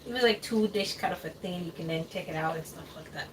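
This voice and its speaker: A woman's voice: fairly low pitch, fast. A woman hosting a live cooking stream in her home kitchen, chatting in a rambling way with frequent laughs and hesitant fillers. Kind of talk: casual livestream chat while cooking. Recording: distant mic with faint background noise.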